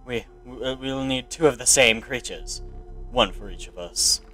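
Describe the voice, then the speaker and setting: A man voicing a strange pair of fungus scientists in a video game, reading in a halting, questioning way. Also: medium pitch, pushed and bright, soft background music. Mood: eerie.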